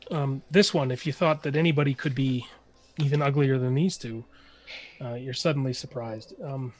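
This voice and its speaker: A man narrating as game master, describing scenes while searching for words. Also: medium pitch.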